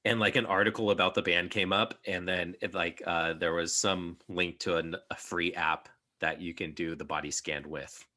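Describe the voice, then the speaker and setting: A young man talks casually as a podcast host, rambling through his thoughts with plenty of fillers. His voice sits low but has a bright, forward edge. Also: steady tone, moderate pace, hardly any pauses. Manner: rambling, many fillers and restarts. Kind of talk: casual chat.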